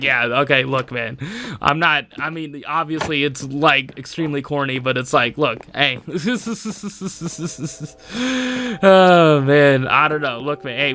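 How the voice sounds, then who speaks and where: A man's voice: mid-range voice, pushed and bright. A young man hosting a solo podcast, rambling casually with lots of fillers and frequent laughs. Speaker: podcast host.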